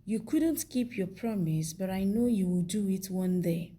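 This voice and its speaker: A woman voicing a stern family matriarch who is deeply hurt, in her own slow, husky voice. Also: dark tone, lightly acted. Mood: pleading, angry.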